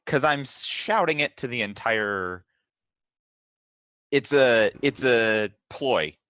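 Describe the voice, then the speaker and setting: A man's voice: medium pitch, expressive, slow pace, sharp tone, smooth, no room sound. A man playing a tabletop game, arguing over the rules and hesitating with many fillers. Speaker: player.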